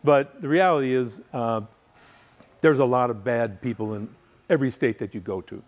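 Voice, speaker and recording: A middle-aged man from Wisconsin, a guest speaker giving a humorous, rambling talk to a men's group with deadpan asides. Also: mid-range voice, normal speed. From Wisconsin, USA. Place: coffee shop.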